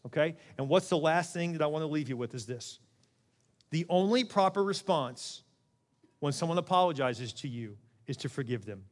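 Middle-aged male pastor, slightly high voice, animated, conversational sermon delivery. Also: in a large hall.

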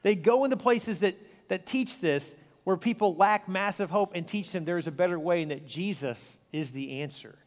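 A man's voice: high voice, moderate pace, hardly any pauses, long reverb tail. A man preaching a sermon as pastor of his church, telling stories earnestly and with emphasis.

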